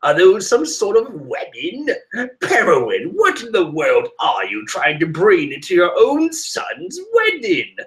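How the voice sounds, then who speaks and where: A man's voice: high-pitched, huge pitch swings, a little slow, a bit bright, pitched above the performer's own voice, full character voice. A man reading a sly, mocking schemer who asks questions in mock disbelief.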